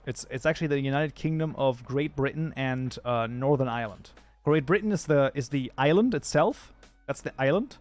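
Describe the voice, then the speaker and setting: A man's voice: mid-range voice, moderate pace, a little mellow. Casual male livestream host at a desk mic, talkative and off-the-cuff, faint music behind. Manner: rambling, chatty, thinks aloud with fillers and restarts. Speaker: streamer reading chat. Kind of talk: casual livestream chat while modding a game.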